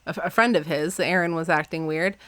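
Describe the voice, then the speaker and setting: A woman hosting a podcast in casual chat, laughing often and reading passages aloud in animated voices. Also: deep voice, fairly quick, dry recording. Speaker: podcast host.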